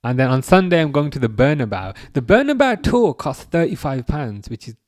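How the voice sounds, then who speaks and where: A young man hosting a live football watchalong. He reacts to the match and answers chat, with excitable outbursts at big chances. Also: mid-range voice, fairly quick, no room sound, clean studio sound.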